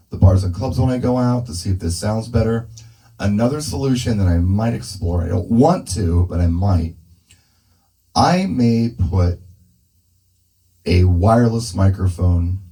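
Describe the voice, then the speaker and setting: Man, casual gear-demo talker, low dark tone, handheld mic through a speaker. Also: poor audio. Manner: thinking aloud while adjusting settings. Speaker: mobile DJ testing gear. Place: indoor room with a speaker. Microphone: handheld dynamic mic through a PA speaker.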